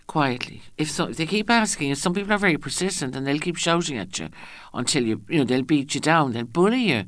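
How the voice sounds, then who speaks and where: A woman's voice: deep voice, lively intonation, a little fast, dry recording. A woman, speaking as a guest in a radio interview. She talks in a chatty way, often restarts her sentences and acts out the voices she quotes.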